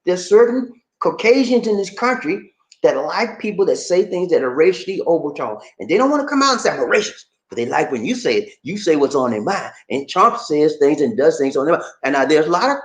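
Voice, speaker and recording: A man's voice: fairly high pitch, fairly quick, echoey room, rough recording. A man from Charleston, South Carolina, hosting a casual livestream, chatting with viewers and reading their comments. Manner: lively, talks to viewers, reads comments, laughs often. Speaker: livestream host.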